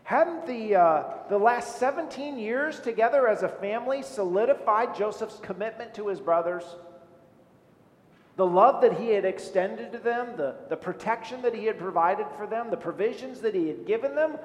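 A man's voice: expressive, moderate pace. Earnest preaching man in an echoey hall. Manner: earnest preaching with many rhetorical questions. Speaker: pastor. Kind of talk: sermon. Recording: echoey hall with faint low rumble.

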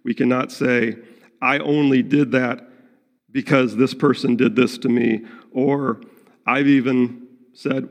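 Gravelly-voiced pastor preaching in a hall. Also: male voice, medium pitch, slow pace. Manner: earnest, acts out prayers and quotes in his own voice. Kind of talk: sermon. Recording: long reverb of a large hall.

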